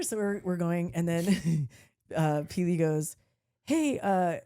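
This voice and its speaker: A woman's voice: lowish voice, unhurried. A woman podcast host telling a story in casual chat, laughing often and swearing freely as she acts out the other people in it. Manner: animated, laughing, swearing freely, acting out voices.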